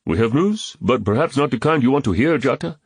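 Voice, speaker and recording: A man's voice: mid-range voice, lively intonation, fairly quick, slightly rough, no room sound, voice pushed up. Loyal henchman voiced by a man, deferential and careful, dry close mic. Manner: careful, respectful.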